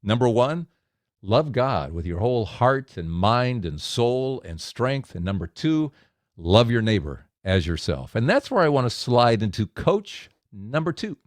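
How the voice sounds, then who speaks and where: A man giving a devotional message for men, storytelling with lively acted-out quotes. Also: medium pitch, a little slow, no echo, clean studio sound. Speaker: speaker of a men's devotional.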